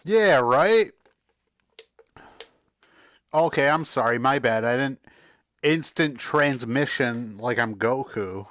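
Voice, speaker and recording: A man's voice: mid-range voice, unhurried, fairly bright tone, no echo. A man giving casual, offhand commentary while playing a video game, cracking jokes as he goes. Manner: joking, offhand. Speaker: gamer.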